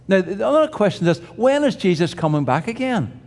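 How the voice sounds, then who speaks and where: A man's voice: sits high, huge pitch swings, moderate pace, a little mellow. An older man preaching a sermon in a conversational way, with restarts and humorous asides. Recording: reverberant hall.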